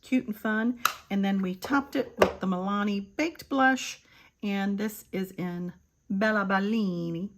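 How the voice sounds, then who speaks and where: An older woman giving a chatty makeup tutorial, calling her viewers "kids" and sometimes dropping to a soft murmur. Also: medium pitch, a little slow. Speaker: beauty vlogger.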